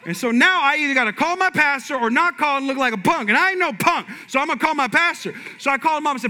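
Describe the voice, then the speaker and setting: A man preaching a sermon, animated and shifting from loud punches to hushed asides. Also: very high-pitched, fast, few pauses. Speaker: pastor. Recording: reverberant hall.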